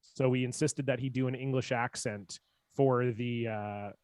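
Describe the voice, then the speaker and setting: A man's voice: medium pitch, steady tone, unhurried, a little mellow, dry recording. Dry-humored male podcast host. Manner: dry, joking asides. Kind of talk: casual live podcast chat.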